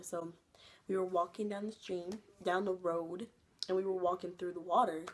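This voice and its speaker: A young woman telling a rambling storytime to her viewers. She leans on "like" in almost every phrase and laughs easily along the way. When she quotes other people, her voice leaps up in pitch to act them out. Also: little pitch movement, quick pace. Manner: chatty, fills with "like" constantly, laughs often. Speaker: vlogger. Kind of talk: casual storytime.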